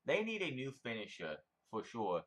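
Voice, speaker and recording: A man's voice: medium pitch, wildly swooping pitch, moderate pace. A man giving a casual, opinionated solo review, rambling with frequent restarts. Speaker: wrestling show reviewer.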